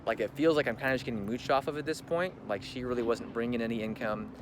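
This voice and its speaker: A man's voice: mid-range voice, steady tone, fast. A young man telling a personal story in a casual vlog, chatty and full of "like", acting out what people said. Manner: chatty, full of "like", acts out quoted talk. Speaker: vlogger. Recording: loud background ambience noise.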